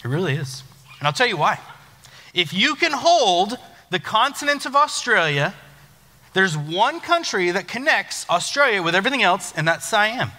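A man's voice: high voice, normal speed. A young adult man, a youth pastor, giving a casual, joking sermon in a church hall. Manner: joking, self-deprecating, lively storytelling. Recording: long church hall reverb.

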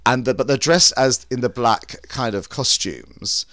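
A man's voice: mid-range voice, unhurried, pushed and bright, no room sound, studio quality. A man co-hosting a podcast, telling stories in a chatty, rambling way with many restarts. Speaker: podcast co-host. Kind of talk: casual chat.

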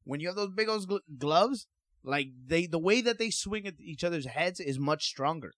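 A man's voice: sits high, expressive, moderate pace, fairly bright tone, no room sound. A man co-hosting a casual podcast, jokey and teasing as he banters with his friends. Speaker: podcast co-host.

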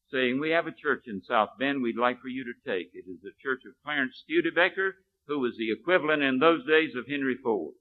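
A male preacher delivers a storytelling sermon with a lively, rising-and-falling pitch, often sinking to a hushed, low delivery. The sound is narrow and tinny, like a phone line.

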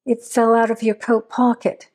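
A woman's voice: a little high, monotone, normal speed, a little mellow, close to an everyday voice. A woman voicing a frightened young woman who pleads anxiously with her boyfriend. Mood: pleading.

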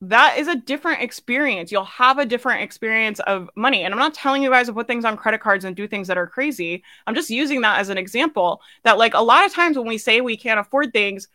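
A woman business coach giving a casual, emphatic live coaching talk. She swears, laughs often and acts out quoted thoughts in a higher voice. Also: expressive, quick pace, few pauses, sharp tone, dry recording, clean studio sound.

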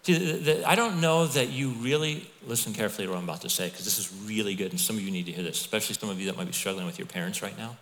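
A middle-aged man preaching a sermon as pastor, telling stories in a conversational, animated way with asides to the congregation. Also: on the low side, racing, few pauses, a little hiss or hum. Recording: long hall reverb.

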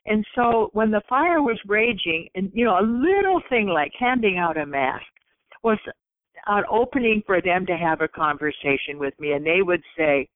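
A woman's voice: medium pitch, lively intonation, normal speed, no echo. A woman recounts her story in an earnest, storytelling way, slipping into the voices of the people she quotes. She is heard over a tinny phone line with a dry, close sound. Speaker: guest. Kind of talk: storytelling in conversation.

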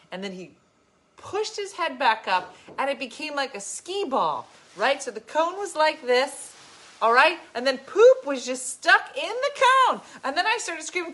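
Bright, animated woman vlogger. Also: high voice, moderate pace. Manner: emphatic, animated storytelling. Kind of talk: casual chat to viewers, reading comments.

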